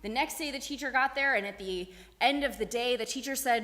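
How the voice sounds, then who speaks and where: A woman telling a story to a group of children, animated and asking them questions along the way, in a synagogue sanctuary. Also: a little high, a little fast, few pauses. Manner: animated, asks the kids questions. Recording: echoey hall.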